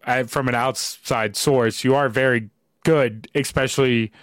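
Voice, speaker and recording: A man's voice: mid-range voice, steady tone, unhurried, clean tone, no echo. A man hosting a casual podcast interview, asking questions loosely, laughing often and swearing freely. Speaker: podcast host.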